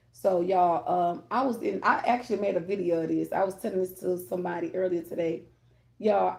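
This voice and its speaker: A woman with a gravelly, warm voice talks straight to her viewers as a tarot reader. She rambles candidly and keeps checking in with them between thoughts. Her tone stays mellow and informal throughout. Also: medium pitch. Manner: candid, rambling, addresses viewers with "y'all" and "okay?". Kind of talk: casual spiritual talk to viewers.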